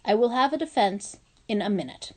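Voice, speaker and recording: A woman doing a quiet, sullen schoolboy. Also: medium pitch, fairly quick, natural voice. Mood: subdued. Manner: flat, mumbled, subdued. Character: sullen, quiet middle-school boy in trouble.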